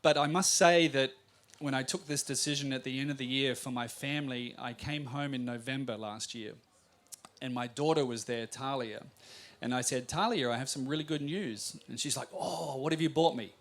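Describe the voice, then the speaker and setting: Brief: middle-aged Australian man, coach guest on a live talk show, fast anecdotal storyteller, mid pitch. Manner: lively anecdotal storytelling, quick-talking by habit.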